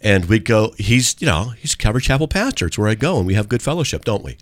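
A man's voice: lowish voice, sing-song, fast talker, dry recording. A man hosting a call-in radio show from a studio, talking in a casual, joking and rambling way.

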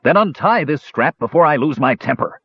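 A man's voice: on the high side, animated, moderate pace, slightly rough, no echo, voice pushed up. A man voicing a short-tempered, scheming brute of a swordsman who snaps at people, in a slightly muffled recording. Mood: angry. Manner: snapping, then fake sweetness.

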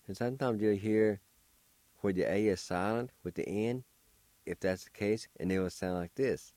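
A man with a deep, mellow voice hosts a radio language lesson, taking his time. He spells and sounds out each word syllable by syllable as a patient, encouraging teacher. The sound is close and dry. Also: expressive, no echo. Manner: spells and pronounces words slowly, syllable by syllable.

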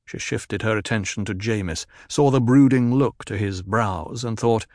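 A man narrating an audiobook in a steady, even reading. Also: on the low side, moderate pace, no room sound, clean studio sound.

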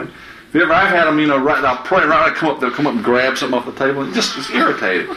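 A man's voice: on the high side, noisy background. A man giving informal Bible teaching in a chatty, anecdotal way, often laughing. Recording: echoey room with faint ambience.

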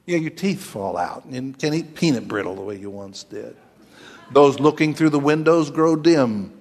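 A man in his late sixties preaching in a folksy, joking way, sprinkling homespun asides through his sermon. His voice sits in a middle pitch. It rings with the long reverb of a church hall. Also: lively intonation, normal speed, a little mellow. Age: 60s. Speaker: pastor.

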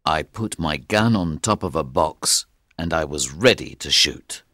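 A man giving scripted audiobook narration, telling the story in a slow, clear way. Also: a bass voice, lively intonation, bright, forceful tone, dry recording, studio quality.

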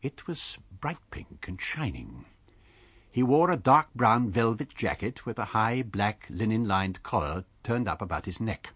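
A man with a low, slightly husky voice tells a classic tale in measured storytelling. His pitch rises and falls with lively expression, and the sound is close and dry, like a studio radio reading. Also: no echo. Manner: measured storytelling, voicing characters lightly. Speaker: audiobook reader.

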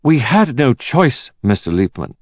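A man voicing a composed male art expert who answers with dry, unruffled calm. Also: mid-range voice, unhurried, no echo, dull audio, pitched above the performer's own voice. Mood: cool. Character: cool, composed male auction-house expert.

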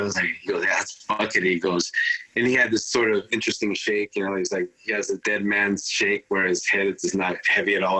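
Rambling storyteller man, low and bright. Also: rough recording. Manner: rambling, animated retelling with acted-out quotes. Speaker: guest, turntablist. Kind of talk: casual storytelling.

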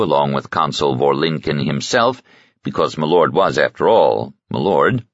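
A man reading a novel as an audiobook narrator, with an expressive, varied delivery. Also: sits low, no room sound, dull audio.

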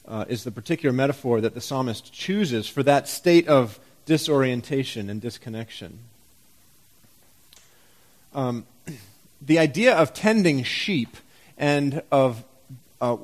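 A man pastor giving a sermon in a church, conversational and full of rhetorical questions and wry humor. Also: a little high.

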